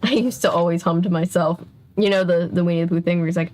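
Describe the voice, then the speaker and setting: A woman's voice: lowish voice, steady tone, fast talker, a little mellow. A woman in her twenties hosting a casual read-aloud stream at home, chatty and self-interrupting, laughing often as she reads. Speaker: channel host. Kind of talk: casual reading with live chat.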